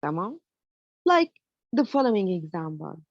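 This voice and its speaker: A woman's voice: medium pitch, moderate pace, dry recording, muffled recording. A woman explaining grammar step by step to students, often checking that they follow. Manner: explains step by step, fills with "you know" and checks understanding with "okay?". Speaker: English grammar lecturer. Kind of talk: explanatory lecture.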